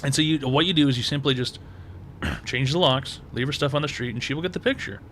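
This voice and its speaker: A man's voice: medium pitch, fast talker, a bit bright, a little hiss or hum. A man hosting a call-in advice show, blunt and crude, hammering points home by repeating himself.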